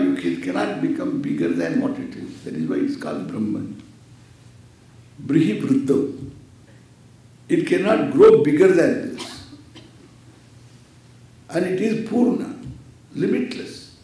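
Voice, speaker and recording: A man's voice: high voice, sing-song, unhurried, pauses often, dark tone. A man, a Vedanta teacher giving a playful scripture lecture and acting out little dialogues. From India. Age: 70s. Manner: playful, acts out dialogues with laughter. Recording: echoey hall, distant mic, faint noise.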